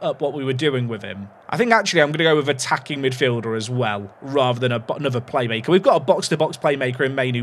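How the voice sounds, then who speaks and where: A man's voice: fairly high pitch, fairly bright tone, slight background noise. Chatty man commentating his game. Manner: chatty, analytical, self-deprecating. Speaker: gaming YouTuber.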